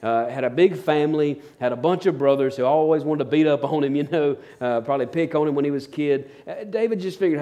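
A man's voice: on the high side, fast, hardly any pauses, dark tone. A man preaching a sermon, telling stories in a folksy, rambling way with fillers and restarts. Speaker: pastor.

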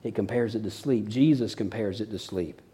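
A man's voice: fairly low pitch, normal speed. Folksy man preaching a sermon. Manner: folksy, animated storytelling with dramatized quotes. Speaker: pastor.

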